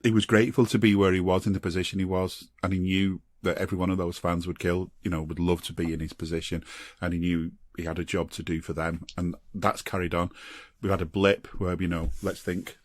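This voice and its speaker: A man co-hosting a football podcast, talking in a lively way and laughing between points. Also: low-pitched, brisk, no room sound. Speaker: podcast co-host. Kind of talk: casual football chat.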